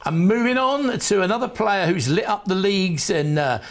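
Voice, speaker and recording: A man's voice: sits high, moderate pace. A man presenting on a shopping channel, giving chatty, jokey sales patter for signed football shirts. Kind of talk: TV sales pitch.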